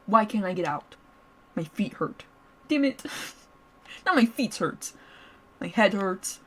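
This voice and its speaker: A woman's voice: fairly low pitch, slightly rough. A woman streamer reading a story aloud, laughing and breaking off to joke with her viewers. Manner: playful, giggly, breaks off to joke with chat. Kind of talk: story reading with live reactions.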